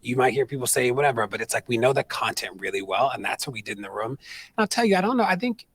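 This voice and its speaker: A man in his thirties speaking on stage at an event, telling animated stories and acting out other people's voices in casual talk. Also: mid-range voice, fast, husky, no echo. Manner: animated, quotes people in put-on voices, conversational with fillers. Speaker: activist speaker. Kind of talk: storytelling on stage, answering audience question.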